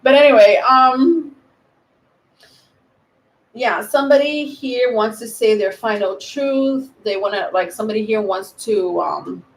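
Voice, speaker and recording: A woman giving a live tarot reading, rambling and thinking aloud with many pauses and ums. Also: fairly high pitch. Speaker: tarot reader. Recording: roomy echo.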